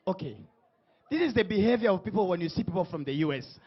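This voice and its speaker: A man hosting a comedy talk show, teasing guests and shouting hype lines to the live crowd. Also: sits high, lively intonation, fast talker, slightly rough, lo-fi sound. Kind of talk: comic stage hosting before a live audience.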